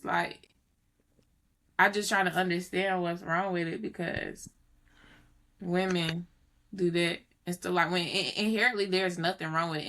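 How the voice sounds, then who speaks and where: A woman co-hosting a podcast in casual debate, animated and quick to push back. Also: on the low side, a little hiss or hum. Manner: animated, pushes back, drawls. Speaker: podcast co-host.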